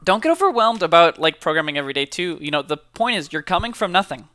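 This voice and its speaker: A man's voice: a little high, very animated, fast talker, bright, forceful tone, smooth, no echo, studio quality. A young man, a college student, chatting casually and upbeat to camera, with lots of fillers and repeated words. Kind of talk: casual motivational chat to camera.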